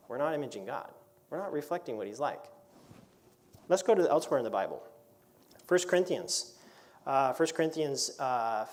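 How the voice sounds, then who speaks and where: A man who is a pastor, teaching an adult Bible class in a conversational way, asking rhetorical questions and reading scripture aloud. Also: mid-range voice. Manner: reads scripture aloud in older English.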